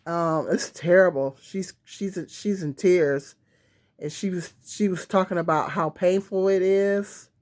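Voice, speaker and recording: A woman's voice: lowish voice, measured pace, darkish tone. A woman talking casually to camera on a tripod, rambling with many fillers and restarts. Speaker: vlogger. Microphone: phone or camera on a tripod.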